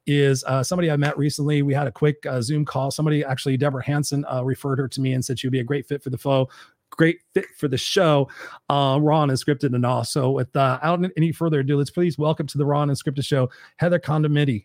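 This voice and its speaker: A man's voice: mid-range voice, steady tone, quick pace, a little mellow, no room sound, studio quality. A man hosting a casual live talk show, rambling loosely through stories and swearing freely. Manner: loose, profane, rambling storyteller. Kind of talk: casual live-stream chat.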